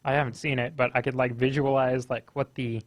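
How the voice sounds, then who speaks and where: A man's voice: mid-range voice, flat delivery, a little fast. A young man as a guest in a casual chat, giving short replies and stumbling over his words.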